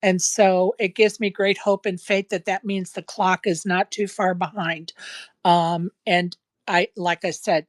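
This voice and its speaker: A woman's voice: mid-range voice, fairly even intonation, a little slow, no echo. A woman hosting a casual podcast chat, talking emphatically and repeating her points for stress, with a case of the hiccups. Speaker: podcast host.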